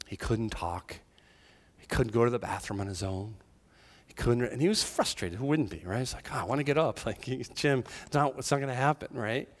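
A man preaching a sermon as pastor, talking conversationally and moving between hushed, near-whispered passages and raised, emphatic ones. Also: mid-range voice.

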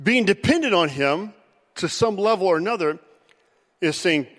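High-voiced animated man preaching in a reverberant hall. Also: normal speed. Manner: animated, acts out Bible figures' voices with rising pitch. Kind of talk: sermon.

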